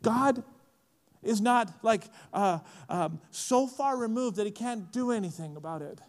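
A man preaching a sermon in a casual, animated way, often saying "like", at a conference. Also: high voice, a little slow, big-room sound. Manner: lively, casual, frequent "like" fillers. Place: large conference hall.

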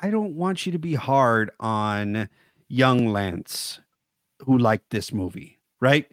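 A man's voice: mid-range voice, lively intonation, slow, dry recording, clean studio sound. A man co-hosting a horror film podcast, talking casually and animatedly, laughing often and breaking into quoted voices. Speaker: podcast co-host. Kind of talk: casual chat.

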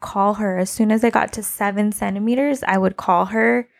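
A young woman casually telling a personal story, animated and laughing often, acting out what people said. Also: medium pitch, moderate pace, gravelly. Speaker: podcast co-host telling her birth story.

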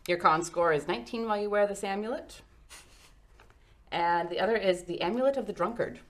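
A woman's voice: mid-range voice, brisk, background noise. A woman running a tabletop game as game master, reading item descriptions aloud and laughing often.

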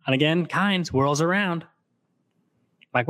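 A man's voice: mid-range voice, normal speed, no room sound. Man retelling a novel casually. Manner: animated retelling, slips into character quotes. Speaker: book podcast co-host. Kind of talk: casual book discussion with read-aloud passages.

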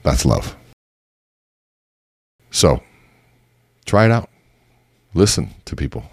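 A man hosting a podcast, teaching listeners in an energetic, emphatic motivational style and telling stories. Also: a bass voice, slow pace, gravelly, dry recording, clean studio sound. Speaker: podcast host and speaker coach.

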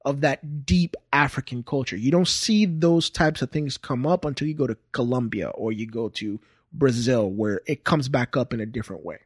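Lively thirty-year-old man from Puerto Rico. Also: mid-range voice, normal speed, husky, no echo, studio quality. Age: 30s. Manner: animated storyteller, swears freely. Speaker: guest comedian. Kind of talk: casual podcast chat.

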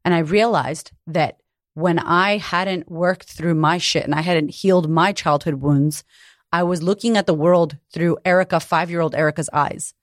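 A middle-aged woman coach speaks frankly and with emphasis, dropping curse words as she makes her points. Her voice sits on the low side. The recording is dry and close, with no room sound. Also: fairly even intonation, normal speed, no echo. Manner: frank and emphatic, swears freely. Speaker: coach running women's retreats. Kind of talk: candid motivational talk.

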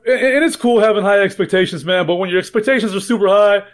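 A man's voice: sits high, quick pace. A man co-hosting a casual trading podcast, rambling, joking and swearing freely. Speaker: podcast co-host.

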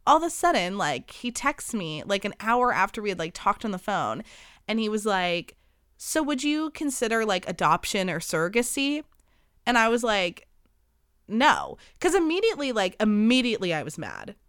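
A woman's voice: medium pitch, wildly swooping pitch, normal speed, a bit bright, smooth, no room sound, clean studio sound. A woman in her twenties hosting a podcast, telling a dating story in a casual monologue, full of "like" fillers and swearing, acting out the dialogue she quotes. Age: 20s. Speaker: podcast host.

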